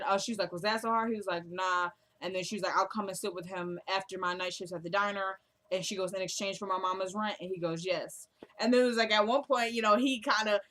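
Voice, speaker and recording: A young woman in casual chat mode, walking through a TV drama's plot scene by scene. She laughs easily and slips into quieter, lower tones to quote what the characters said. Her pitch sits in an ordinary middle range for a woman. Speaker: show recap vlogger. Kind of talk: casual episode recap.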